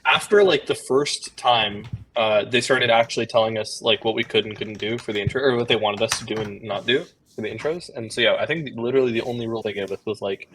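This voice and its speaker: A man's voice: fairly low pitch, quick pace, hardly any pauses, noisy background. A man in casual live stream chat, rambling with many fillers and laughing easily.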